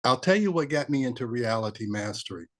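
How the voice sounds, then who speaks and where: A man's voice: mid-range voice, lively intonation, fairly quick, a bit bright. Older man giving a rambling heartfelt testimony. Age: 60s. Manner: rambling, restarts often, laughs, gets choked up. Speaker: interview guest. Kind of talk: emotional personal testimony.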